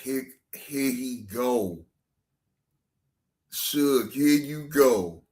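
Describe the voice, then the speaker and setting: A man giving casual, animated reaction commentary as a streamer, breaking into shouts and laughter. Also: medium pitch, drawn-out words.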